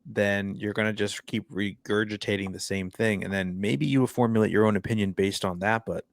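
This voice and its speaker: A man's voice: on the low side, steady tone, moderate pace, no echo, clean studio sound. A man co-hosting a sports podcast, talking in a laid-back, wry way and reading quotes aloud. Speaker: podcast co-host. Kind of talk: casual sports chat.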